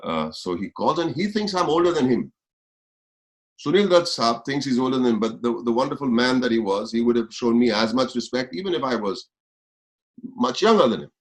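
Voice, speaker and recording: A man of about sixty recounts stories from his career in an animated, lively way. He slips into the voices of others as he talks, in an ordinary middle-pitched voice. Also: brisk, poor audio. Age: around 60. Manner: animated storyteller, acts out quotes. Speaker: guest actor. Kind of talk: anecdotal interview storytelling.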